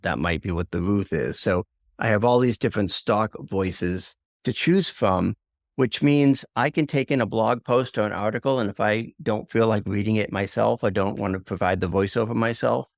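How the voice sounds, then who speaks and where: A man with a low, deep voice talks through a software walkthrough in an easygoing, conversational way. He adds self-deprecating asides as he goes. The recording is dry and close, with almost no room sound. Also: no room sound. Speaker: video tutorial host. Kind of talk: casual screen-share software walkthrough.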